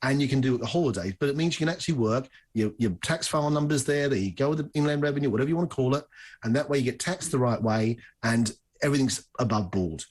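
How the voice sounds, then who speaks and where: A man's voice: mid-range voice, quick pace, darkish tone. An Australian man in his fifties, an upbeat and enthusiastic guest chatting in a studio interview. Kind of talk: casual interview chat.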